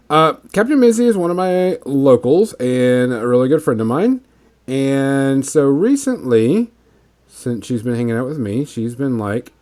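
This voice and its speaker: A man hosts a casual podcast while painting miniatures. He talks in a relaxed, meandering way, full of ums and uhs. His pitch sits in a plain middle range. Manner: relaxed, rambling with many fillers.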